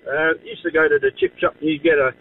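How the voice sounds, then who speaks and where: A man's voice: fairly high pitch, steady tone, fast, narrow, tinny audio, slight background noise. An Australian man calling a radio show, reminiscing in an emphatic way. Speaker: caller. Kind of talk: phone call to radio.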